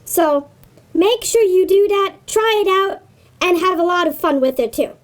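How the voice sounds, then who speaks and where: Very high-pitched woman, kids' host, slow and patient delivery. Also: lively intonation. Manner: gentle, patient, gives simple dog commands. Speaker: kids' show host teaching dog tricks. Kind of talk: talking to children at home.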